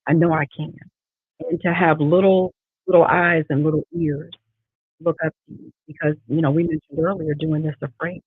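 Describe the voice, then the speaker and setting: Grandma-aged woman in an interview, husky and a little gravelly, keeps repeating her points, tinny dry call audio. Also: sits low, little pitch movement, normal speed, no room sound. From Erie, Pennsylvania. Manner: earnest, repeats key phrases for emphasis. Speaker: judicial candidate guest. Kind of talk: earnest interview answers.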